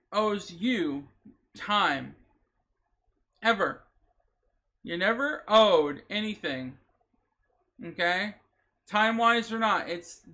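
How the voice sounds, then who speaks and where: Male vlogger, high bright voice, emotional and emphatic, swears and repeats points. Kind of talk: impassioned reaction commentary.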